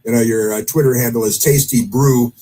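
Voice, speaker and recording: A man's voice: medium pitch, fairly even intonation, fairly quick, warm tone, breathy edge, poor audio. A man hosting casual political commentary, rambling with many fillers and dry sarcastic asides. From United States.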